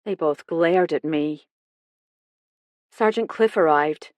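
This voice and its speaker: A woman narrating a mystery audiobook in the first person, with clear, even storytelling. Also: deep voice, takes it slowly, no echo.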